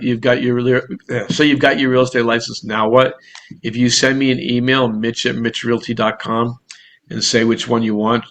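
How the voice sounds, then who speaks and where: A man with a Boston accent gives a casual talk to an online group as a real estate broker and coach. He talks with quick, restless energy and often restarts mid-thought. His voice is at an ordinary pitch for a man. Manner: energetic, rapid, rambling with restarts.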